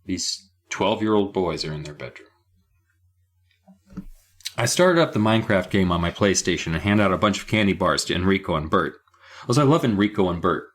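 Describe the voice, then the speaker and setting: A man's voice: sits low, expressive, a little fast. A man co-hosting a podcast, recapping a book in casual chat with a sarcastic, profane edge. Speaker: podcast co-host.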